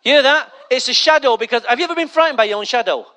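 A male pastor preaching a sermon with humorous, lively storytelling. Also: very high voice, very fast.

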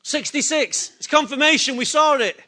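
A man's voice: extremely high pitch, moderate pace, pushed and bright. A man preaching a sermon, emphatic and repetitive, asking the congregation rhetorical questions. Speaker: pastor.

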